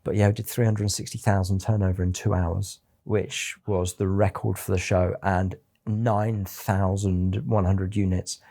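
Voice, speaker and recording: In an interview, a middle-aged English company founder recounts anecdotes in a chatty way, mimicking quoted voices. He sounds low-pitched, warm and creaky, keeping a level tone at a measured pace.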